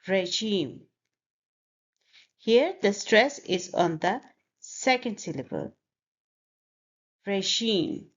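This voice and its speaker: A woman's voice: fairly low pitch, dull audio. A woman teaching English pronunciation, carefully over-articulating words and repeating them for learners to copy. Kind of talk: slow, deliberate pronunciation lesson.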